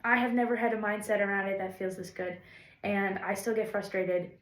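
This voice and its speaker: A woman's voice: medium pitch, fairly even intonation, fairly quick, reverberant. A woman songwriter talking to camera in a casual, rambling and encouraging way, with self-deprecating asides. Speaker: songwriter vlogger. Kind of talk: casual reflective talk to camera.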